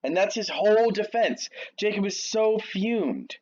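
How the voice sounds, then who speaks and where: A man's voice: high-pitched, expressive, unhurried, a little mellow, muffled recording. Slangy, jokey male storyteller. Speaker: youth storyteller. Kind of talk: casual Bible story retelling.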